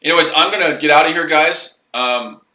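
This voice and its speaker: A man's voice: on the high side, brisk, bright, forceful tone, roomy sound, low-quality recording. A man hosting a casual live trading stream, rambling and repeating himself as he explains his trades. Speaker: trading livestream host.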